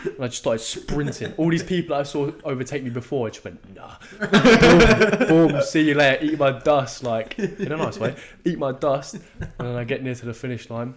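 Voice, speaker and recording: A young man, telling a race story in casual podcast chat, swearing freely and acting out his own shouts. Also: mid-range voice, a little fast, few pauses. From England. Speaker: podcast co-host. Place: podcast studio.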